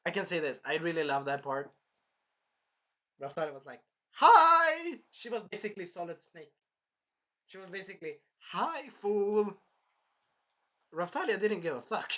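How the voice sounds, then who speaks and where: A man excitedly recapping an anime episode on camera, swearing, apologizing and acting out the scenes. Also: a little high. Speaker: anime reviewer.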